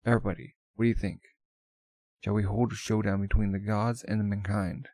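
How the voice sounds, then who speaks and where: A man's voice: fairly low pitch, flat delivery, brisk, darkish tone, dry recording. A man voicing an ancient king of the gods who speaks with grand, chuckling amusement in a manga read-aloud.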